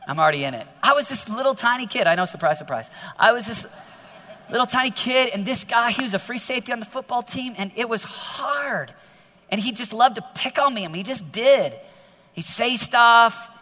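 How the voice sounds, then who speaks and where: High, bright-voiced preaching man. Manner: energetic, exhorting, quick to turn animated. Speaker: youth speaker. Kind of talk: sermon to teenagers. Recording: long hall reverb.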